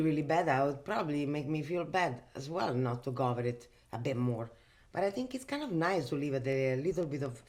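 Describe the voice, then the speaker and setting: A woman's voice: deep voice, darkish tone, slight background noise. Chatty Italian-accented woman vlogging. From Italy. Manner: chatty and emphatic, many fillers. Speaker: host. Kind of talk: casual makeup vlog chat. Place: bedroom.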